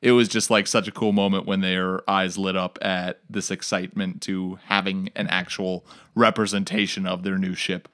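A man with a somewhat low voice tells an animated story on a podcast. He acts out the people he quotes as he talks, in a relaxed, chatty tone. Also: moderate pace, few pauses. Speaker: game master and ministry worker. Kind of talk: casual chat.

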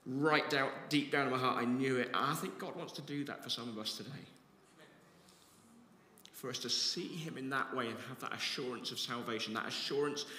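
A man's voice: medium pitch, bright, forceful tone. A man preaching a sermon as pastor, earnest and reflective, rising to passionate emphasis. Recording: echoey hall with long reverb.

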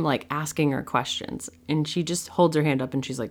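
A middle-aged woman from the US talks through personal stories as a podcast host, chatty and animated with plenty of fillers. Her voice sits unusually low. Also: fairly quick, few pauses. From United States. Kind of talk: casual monologue.

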